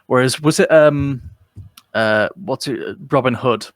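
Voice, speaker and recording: A man's voice: medium pitch, measured pace, no echo. A British man co-hosting a comedy podcast, chatting casually with a lot of ums and restarts. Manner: chatty, hesitant with many fillers. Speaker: podcast co-host. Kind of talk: casual chat.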